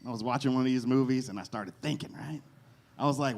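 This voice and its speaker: A man doing a stand-up comedy set in a cafe, animated, jumping into loud character voices. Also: medium pitch, fast, a little hiss or hum. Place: cafe stage with live audience.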